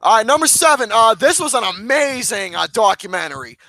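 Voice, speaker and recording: Man, podcast host, high pitched, lively, bright, profane joking, casual chat. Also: brisk, gravelly. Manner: profane, joking, reads aloud mockingly.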